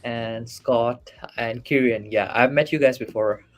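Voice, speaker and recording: A man's voice: medium pitch, fairly even intonation, unhurried. A man from Malaysia, a guest on a fan podcast, venting his frustration in a blunt, heated manner. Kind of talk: casual fan podcast chat.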